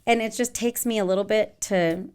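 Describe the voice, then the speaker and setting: A woman in her forties talks about teaching dance in a loose, rambling way. She fills pauses with ums and you-knows. Her pitch sits in an ordinary middle range. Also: steady tone, a little mellow, clear, resonant tone. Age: 40s. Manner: chatty, rambling, many fillers. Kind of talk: casual interview chat.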